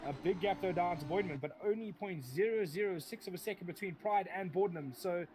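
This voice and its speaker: A man's voice: high-pitched, brisk, noisy background. A man giving live sim racing commentary, rambling, often correcting himself and joking as he goes.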